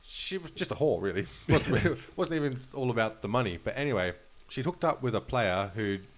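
A man's voice: medium pitch, expressive, normal speed. Profane Australian man telling stories. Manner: rambling, profane, restarts phrases often. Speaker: podcast host and storyteller. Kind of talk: casual storytelling chat.

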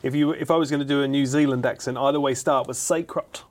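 A man's voice: medium pitch, little pitch movement, racing. A man with an Essex accent, a team captain on a comedy panel show, chatting in a rambling, storytelling way. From Southend, England. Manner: chatty, rambling, does impressions.

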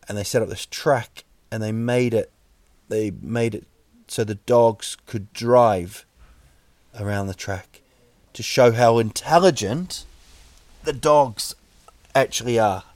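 A man hosting a podcast, delivering a rambling, wry comic monologue full of halting restarts. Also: lowish voice, a little mellow, no echo. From New Zealand. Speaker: podcast host.

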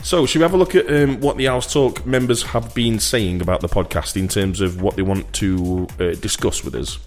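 A man's voice: lowish voice, moderate pace, faint music behind. A man co-hosting a casual podcast chat, teasing and joking. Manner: jokey, teasing, animated, does silly voices. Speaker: podcast co-host.

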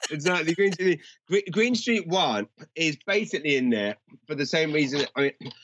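A man's voice: a little high, expressive, normal speed, a bit bright, muffled recording. A man co-hosting a film podcast, chatting casually with a rambling, restart-heavy delivery. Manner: rambling, lots of restarts and fillers. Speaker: podcast co-host.

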